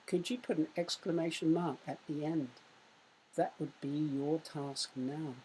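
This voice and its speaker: A woman teaching a recorded primary school lesson. She speaks clearly and raises her voice to show exclamations. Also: low voice, fairly even intonation, slight background noise. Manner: slow, clear teaching voice that loudly acts out exclamations.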